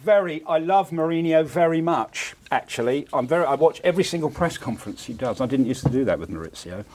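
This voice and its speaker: A middle-aged man talks as a guest comedian on a panel show. His voice sits a touch high and swings widely in pitch. He is chatty and playful. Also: expressive, fast talker, a little mellow. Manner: chatty, playful, breaks into impressions and laughs. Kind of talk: casual panel chat.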